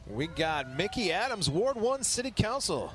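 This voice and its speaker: Lively man co-hosting a parade broadcast. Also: high-pitched, moderate pace. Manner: upbeat, bantering. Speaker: parade co-commentator. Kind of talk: live local TV parade commentary. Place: outdoors at a street parade.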